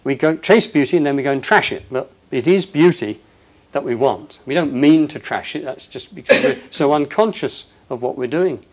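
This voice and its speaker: A man giving an impassioned, emphatic inspirational talk to an audience, swinging between loud passages and hushed ones. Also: medium pitch, animated, normal speed. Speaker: public speaker.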